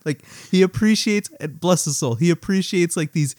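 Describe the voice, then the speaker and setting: A man's voice: high-pitched, moderate pace, few pauses, a little mellow, no echo, clean studio sound. Laughing, teasing podcast host man. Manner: laughs often, teasing, reads listener questions aloud. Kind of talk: casual chat.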